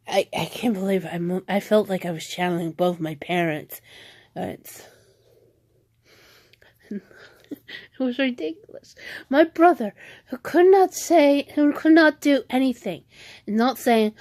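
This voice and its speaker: A woman's voice: mid-range voice, a little slow, pauses often, a little mellow, dry recording. A woman vlogger ranting at home in a rambling, frustrated way, often restarting her sentences. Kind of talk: venting rant vlog.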